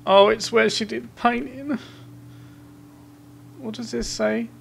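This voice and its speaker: A man giving horror game commentary, muttering asides to himself and reading in-game notes aloud in quick bursts. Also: extremely high pitch, steady tone, gravelly, fairly bright tone, slight background noise. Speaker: gameplay commentator.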